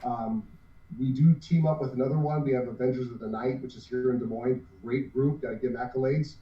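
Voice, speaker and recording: A man in his 50s who co-owns a cosplay group talks earnestly in a casual interview, rambling and restarting often. His mid-range voice is steady in tone and a little fast. The recording is roomy, distant and dull, with a lo-fi sound.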